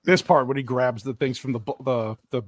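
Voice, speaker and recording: A man's voice: mid-range voice, brisk, no room sound. A man hosting a casual movie watch-along, laughing often and swearing freely as he retells scenes. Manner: laughing, profane, animated retelling.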